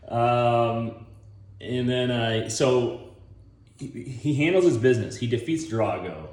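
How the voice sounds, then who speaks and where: A man's voice: mid-range voice, slow pace, long pauses. Rambling man in an echoey room. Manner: rambling, chuckles often, acts out scenes in voices. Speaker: online video host. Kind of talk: casual movie-pitch monologue.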